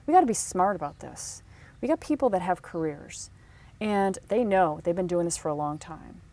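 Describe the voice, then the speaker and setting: A woman teaching career advice in casual talk, telling stories with animated delivery and acting out the people she quotes. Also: lowish voice, moderate pace. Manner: animated storytelling, acts out quotes.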